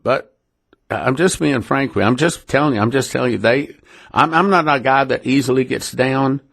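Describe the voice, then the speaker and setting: Earnest middle-aged ministry leader, gravelly, dry close sound, emotional testimony. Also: male voice, medium pitch, normal speed, a bit bright, dry recording. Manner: earnest, emotional, repeats himself often. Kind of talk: personal testimony to listeners.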